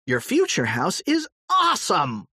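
An excitable young boy squeals and shouts through a storybook scene, as a man reads him. The voice jumps high and loud, swinging wildly in pitch, close and dry, with a slightly breathy edge. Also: measured pace, no room sound, exaggerated voice. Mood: thrilled. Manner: shrieking with excitement. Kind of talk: audiobook character voice.

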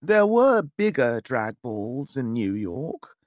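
A man narrating a first-person story in a wry, measured, theatrical manner. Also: mid-range voice, very animated, no echo. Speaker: audiobook narrator. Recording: dry close studio.

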